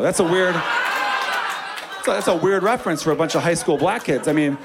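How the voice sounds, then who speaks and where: Profane, animated stand-up comedian man. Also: high voice, normal speed, background noise.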